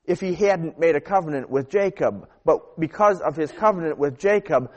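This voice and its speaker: Preaching at a moderate pace with few pauses, a man delivers his sermon emphatically, with repeated phrases and sentences that trail off quietly and low.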